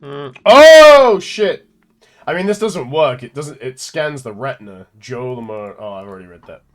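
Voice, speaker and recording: A man's voice: medium pitch, fairly quick. A young man streaming a game live, muttering commentary with swearing and mocking asides. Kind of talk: casual live gameplay commentary.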